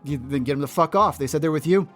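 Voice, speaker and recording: A man's voice: fairly high pitch, quick pace, fairly bright tone, soft background music, natural voice. A curt, swearing male thug who trades threats without backing down, put on by a man running the game. He talks with a slightly raised, pushier edge than a plain narrator, and he sounds like a tabletop game character. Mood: threatening. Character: hostile blunt male red-cloak thug.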